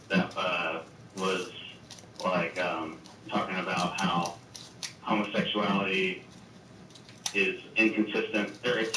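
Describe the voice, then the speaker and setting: A man calling in to a talk show, talking hesitantly with many ums and restarts. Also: lowish voice. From Southern United States. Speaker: caller. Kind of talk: call-in conversation. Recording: distant echoey line with clear noise.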